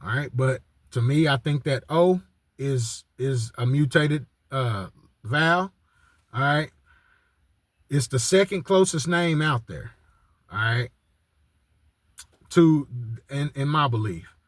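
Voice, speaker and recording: A man's voice: medium pitch, expressive, slow pace, pauses often, no echo, clean studio sound. A man teaching in a casual monologue, restarting phrases and checking in with his listeners again and again. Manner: repeats "all right" as a check-in, many restarts. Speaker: religious teacher.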